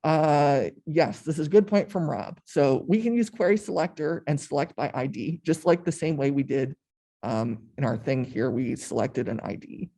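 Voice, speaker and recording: A man's voice: on the high side, normal speed, mellow. A young man running a coding workshop, explaining step by step in a casual, chatty way. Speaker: workshop instructor. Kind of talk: live coding tutorial.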